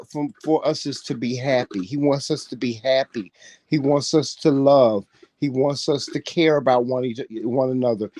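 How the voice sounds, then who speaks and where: A man's voice: mid-range voice, darkish tone, no echo. A man in casual chat, talking animatedly in a preachy way and swearing freely. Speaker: co-host.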